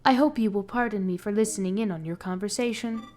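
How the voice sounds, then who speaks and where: A woman reading the lines of a calm, polite robot construct servant in her own plain, even reading voice. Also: mid-range voice, fast talker, soft background music, natural voice. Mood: courteous.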